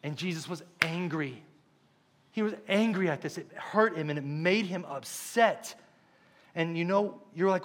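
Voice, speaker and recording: A male pastor preaching a sermon to his church, stressing points by repeating them and swinging between hushed and loud. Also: fairly high pitch, a little slow, a little hiss or hum. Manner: emphatic, repeats key phrases, shifts between hushed and loud. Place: church service.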